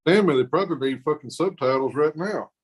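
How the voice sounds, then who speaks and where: A man's voice: a little high, a little fast, husky, low-quality recording. A man with a heavy Mississippi Southern accent, a laid-back podcast guest chatting casually. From Southern United States. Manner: laid-back, easygoing, drinking. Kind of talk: casual chat.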